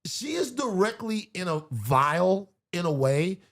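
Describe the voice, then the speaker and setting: Emphatic, gravelly man. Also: sits high, sing-song, unhurried, fairly bright tone. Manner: emphatic and slangy, with lots of restarts. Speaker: guest. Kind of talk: casual chat.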